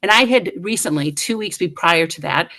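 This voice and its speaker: A woman guest in middle age telling a story with lively, self-mocking humor, acting out the voices of the people in it. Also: on the low side, normal speed. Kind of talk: animated storytelling.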